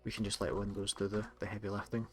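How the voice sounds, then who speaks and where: A man with a Scottish accent, hosting a casual tutorial in a relaxed, chatty way with some self-corrections. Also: lowish voice, fast, soft background music. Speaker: tutorial host. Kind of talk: casual screen-recorded tutorial.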